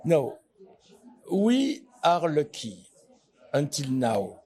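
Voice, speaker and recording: A man's voice: fairly high pitch, huge pitch swings, extremely slow, darkish tone. A man answering an interview question in a joking, self-deprecating way.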